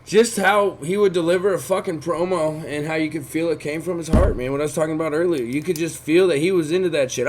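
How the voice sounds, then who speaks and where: A man's voice: a little high, brisk, hardly any pauses, slight background noise. A man co-hosting a podcast, talking bluntly with heavy swearing. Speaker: podcast co-host. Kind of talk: casual podcast chat.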